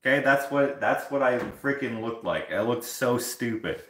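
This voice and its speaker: A man's voice: medium pitch, normal speed, roomy sound. A man livestreaming casual stories from his home kitchen while washing dishes, acting out the people in them. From Canada. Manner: animated, acts out other people in his story. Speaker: live streamer.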